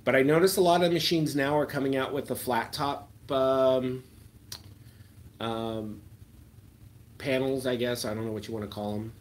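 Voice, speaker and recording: A man's voice: mid-range voice, fairly even intonation, normal speed, pauses often, a little hiss or hum. Chatty man hosting a casual live stream. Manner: chatty, trails off into ums and drops to a mumble at line ends. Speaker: slot-machine YouTuber hosting a live chat. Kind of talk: casual live-stream chat, answering viewer comments.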